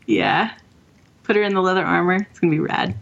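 A woman's voice: on the low side, very animated, brisk, vocal fry, highs cut off. A woman co-hosting a casual gaming podcast, chatty and enthusiastic as she talks through fan submissions over a remote call. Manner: chatty, enthusiastic, laughs easily. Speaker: podcast co-host. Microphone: remote call mic.

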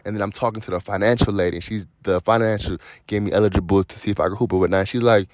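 Young male podcast host, animated storyteller, low-ish voice, dry close-miked sound. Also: rapid-fire, dry recording. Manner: animated, slangy, profane, acts out quoted dialogue. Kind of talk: casual storytelling.

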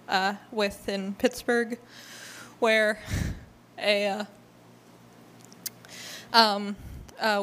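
A woman sharing a personal testimony in church, hesitant with many fillers, growing animated as she retells the story. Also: a little high.

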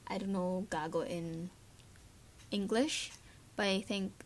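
In a mid-range voice with fairly even intonation and a slow pace, a woman from the Philippines hosts a podcast. She gives casual personal commentary in an earnest, emotional manner, often using fillers.

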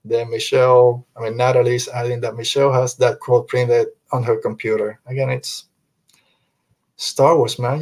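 A man's voice: mid-range voice, little pitch movement, moderate pace. A man hosting a casual fan podcast, talking earnestly and emphatically, hammering his points home by repeating them, with a loose conversational style. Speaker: podcast host.

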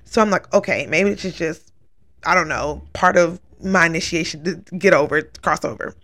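A woman's voice: fairly low pitch, moderate pace, fairly bright tone. A woman casually telling a long personal story, rambling and earnest, full of "like" fillers. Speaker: vlogger recounting a dream.

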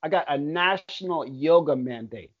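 A man's voice: on the high side, animated, normal speed. A young man chatting casually on a podcast, laid-back and swearing a lot. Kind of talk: casual chat. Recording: dull lo-fi audio.

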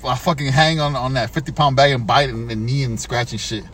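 A man's voice: medium pitch, quick pace, a bit bright, slight background noise. A man hosting a podcast who jokes crudely and laughs often during casual chat. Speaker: podcast host.

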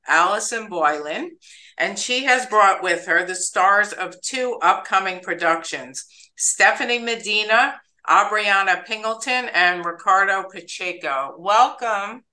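Podcast host, woman, upbeat chatty delivery, bright tone. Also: on the low side, rough recording. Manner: chatty, upbeat, stumbles over names. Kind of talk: casual interview.

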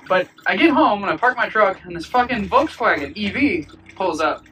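Male podcast co-host, high voice, crude jokey storyteller, car noise around him. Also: expressive, normal speed, bright, forceful tone, far from the mic. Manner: crude, joking. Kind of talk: casual storytelling chat. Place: moving car. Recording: noisy car interior.

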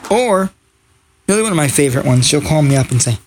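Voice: medium pitch, fast, vocal fry. A podcast host in a casual, rambling monologue, profane and sarcastic. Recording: loud background noise and crowd chatter.

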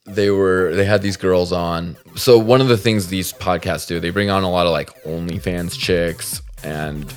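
Low-voiced guy doing a sweary exasperated podcast rant, faint music under it. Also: fairly even intonation, moderate pace. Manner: profane, exasperated storytelling with acted quotes. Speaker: podcast host. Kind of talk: rambling comedic monologue.

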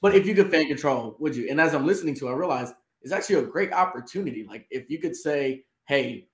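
A man from Atlanta, co-hosting a live show and chatting in a relaxed, easygoing way. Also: on the high side, fast. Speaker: co-host. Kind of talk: casual live show chat. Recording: roomy echo.

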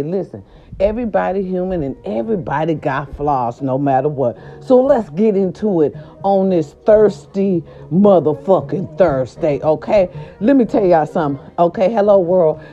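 Animated woman ranting, dull lo-fi sound. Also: fairly low pitch. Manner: profane, repetitive, talks straight to her viewers. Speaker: vlogger. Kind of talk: casual rant to camera. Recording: dull lo-fi recording with faint music. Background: faint background music.

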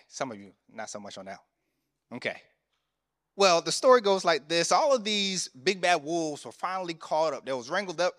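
Chaplain preaching in a reverberant chapel. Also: male voice, on the high side, fairly bright tone. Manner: conversational storytelling, asks the congregation questions. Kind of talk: sermon.

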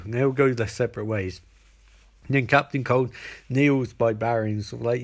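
A man rambling through a comic recap of a show. He uses lots of "like" and restarts. His voice is at an ordinary, middle pitch. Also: fairly even intonation, normal speed. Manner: rambling, filler-heavy.

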